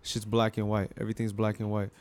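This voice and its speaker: A man's voice: fairly low pitch, monotone, fast, darkish tone. A young man chatting casually, swearing freely and acting out scenes with quoted voices as he retells a story. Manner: loose and profane, acts out scenes in quoted voices. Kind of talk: casual chat.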